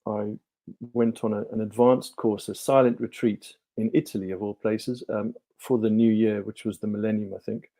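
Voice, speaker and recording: Man, middle-aged, lowish pitch, mellow tone, rambling, lots of ums. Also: level tone, normal speed. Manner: rambling, many ums and restarts. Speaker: podcast guest, life coach. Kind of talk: relaxed storytelling interview.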